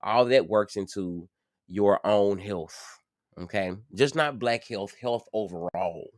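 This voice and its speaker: A man's voice: lowish voice, takes it slowly, no echo, clean studio sound. A man talking casually and earnestly to his viewers from home, addressing them directly as he shares his story. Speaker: vlogger sharing his story.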